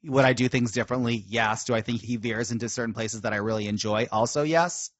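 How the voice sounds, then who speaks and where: A man's voice: mid-range voice, fast talker, no room sound, dull audio. A man co-hosting a podcast, chatting with enthusiasm in a casual way. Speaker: podcast co-host. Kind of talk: casual chat.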